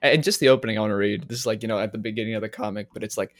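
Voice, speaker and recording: A man co-hosting a podcast in casual chat, relaxed, with many fillers, often trailing off. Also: fairly low pitch, very fast, few pauses. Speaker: podcast co-host.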